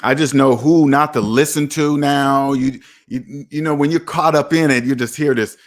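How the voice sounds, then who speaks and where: A man hosting a personal finance show, reading viewer comments and reacting in an emphatic, preachy way, with sudden excited whoops. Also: mid-range voice, normal speed.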